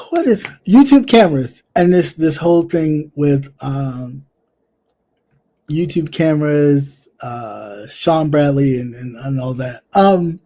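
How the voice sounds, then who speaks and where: A livestream commentary host talking casually and bluntly to a viewer, repeating phrases and trailing off into soft fillers. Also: medium pitch. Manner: sassy and blunt, addressing a viewer directly. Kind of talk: casual live-stream commentary.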